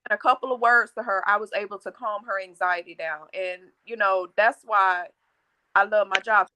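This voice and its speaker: A woman chatting casually as a co-host, telling animated, frank stories and swearing freely. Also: medium pitch, moderate pace, poor audio. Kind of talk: casual storytelling chat.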